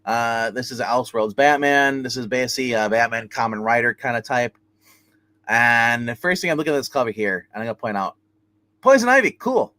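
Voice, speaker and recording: This livestream host reviews comics casually in a brisk, bright, forceful mid-range voice, and the recording is dry. His plot retelling wanders, full of restarts, fillers, and "he's like."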